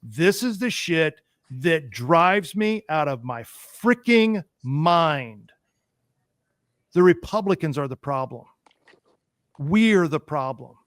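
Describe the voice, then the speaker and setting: Man, talk show host, high voice, dry close sound, heated ranting, emphatic repetitions. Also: big pitch swings, slow, dry recording. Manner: emphatic, ranting, repeats himself.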